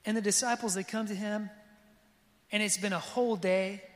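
A man preaching a sermon with lively energy, often asking the congregation if they are with him. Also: high voice, normal speed, long reverb tail. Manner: lively preaching, asks the crowd for response. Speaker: pastor.

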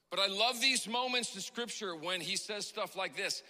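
A man preaches an emotional sermon in a church. His voice sits high and rings sharp and bright, and it climbs into passionate shouts. Long hall reverb trails every phrase. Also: moderate pace, hardly any pauses. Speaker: pastor.

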